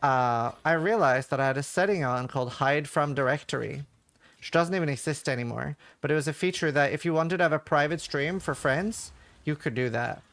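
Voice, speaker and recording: A man's voice: on the high side, fairly quick, fairly bright tone, no room sound. A man streaming a game live, chatting casually and answering viewer questions with lots of fillers. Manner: chatty, reads chat questions aloud, rambling with fillers. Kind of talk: casual live-stream chat while gaming.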